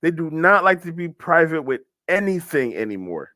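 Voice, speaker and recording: Bright-voiced man telling a rambling story. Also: a little high, big pitch swings, normal speed, no room sound, studio quality. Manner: rambling storytelling with frequent restarts. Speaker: host. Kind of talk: casual commentary on videos.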